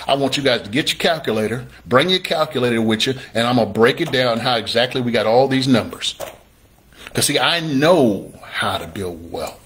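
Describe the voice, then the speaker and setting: Speaking at medium pitch and a little fast, this livestream instructor covers real estate investing. His energetic delivery repeats itself call-and-response style, and now and then he acts out what viewers are asking.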